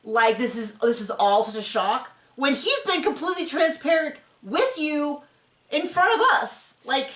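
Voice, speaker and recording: Animated woman recapping in an echoey room. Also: sits high, measured pace. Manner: animated, acts out quotes in voices. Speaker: host recapping a reality show. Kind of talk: casual commentary.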